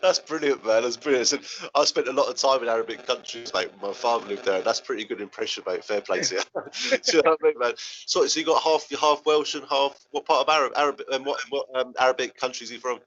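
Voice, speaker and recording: Fast-talking man, mate-heavy chat. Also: medium pitch, a bit bright, lo-fi sound. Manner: chatty, says "mate" and "man" constantly. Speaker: podcast host. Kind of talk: casual chat. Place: home balcony outdoors.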